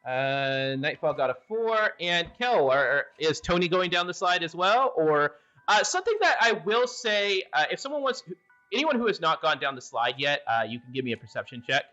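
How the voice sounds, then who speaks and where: Guy dming a tabletop game, uhs and ums everywhere, bright voice, muffled audio. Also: on the high side, normal speed, soft background music. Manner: hesitant, lots of fillers, lively. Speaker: game master. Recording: dull lo-fi audio.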